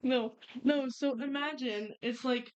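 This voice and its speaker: A young woman tells work stories in lively, animated bursts, her voice sitting a touch high. She is chatting casually as a podcast co-host. The recording sounds muffled and lo-fi. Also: smooth. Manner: animated storytelling, quick bursts. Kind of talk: casual chat. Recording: muffled lo-fi audio.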